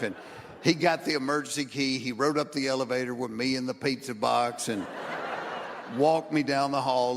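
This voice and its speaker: A man doing stand-up, telling a long story and acting out the quoted lines, sometimes building to shouted punchlines. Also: medium pitch, creaky, background noise. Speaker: stand-up comedian. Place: stage in front of a live audience. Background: audience laughter.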